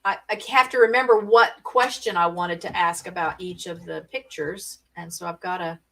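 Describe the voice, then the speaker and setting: A woman's voice: fairly low pitch, fairly even intonation, moderate pace, creaky, sharp tone, distant mic, low-quality recording. A woman hosting a casual live-stream party game, chatty and laughing often as she reads out viewer comments.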